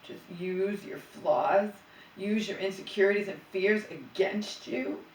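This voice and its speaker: This middle-aged woman vents in a heated, swearing ramble, doubling back and restarting her sentences. Her voice sits at an ordinary pitch for a woman. It echoes around a room, picked up from some distance off the mic. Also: measured pace, slight background noise. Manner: agitated, profane, rambling with restarts. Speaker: vlogger. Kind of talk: emotional venting monologue.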